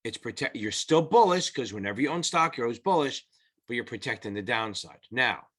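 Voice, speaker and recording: A man's voice: medium pitch, lively intonation, a little fast, a bit bright. Profane, blunt male exam tutor. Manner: blunt, profane, rambling explanations. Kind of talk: casual whiteboard lesson.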